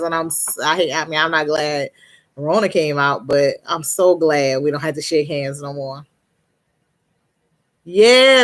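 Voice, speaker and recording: Laughing frequently, a woman with a low, fairly bright voice chats casually with her live stream audience. She reads viewers' comments aloud by name and responds, sometimes trailing off and restarting mid-sentence.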